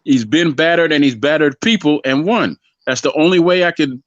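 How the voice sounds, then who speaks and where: A man in casual boxing banter, arguing his pick and circling back over the same point. His voice sits a little high. The sound is dry and close. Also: moderate pace, no room sound, lo-fi sound. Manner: rambling, repeats himself, argumentative. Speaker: boxing show co-host. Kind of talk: casual sports debate.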